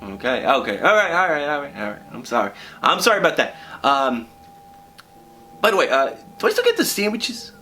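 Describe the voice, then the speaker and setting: Construction foreman, played by a man, high and brassy, rambles and stammers in a fake crime-show interview. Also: wildly swooping pitch, a little fast, pushed and bright, a little hiss or hum, heavily acted. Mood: teary. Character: rambling crude male construction foreman, emotional and boastful. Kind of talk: mock true-crime interview sketch.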